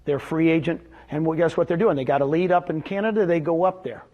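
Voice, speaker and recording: A middle-aged man with a rather high, husky voice speaks to a live audience. He gives a motivational sales talk and keeps the energy up. He quizzes the room with rhetorical questions. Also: fast talker, muffled recording. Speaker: seminar speaker.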